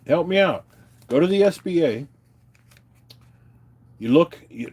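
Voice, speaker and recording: Answering his chat, a man with a darkish, mid-range voice livestreams an unscripted rant. He's agitated and profane, swearing as he tells viewers stories about what's bothering him.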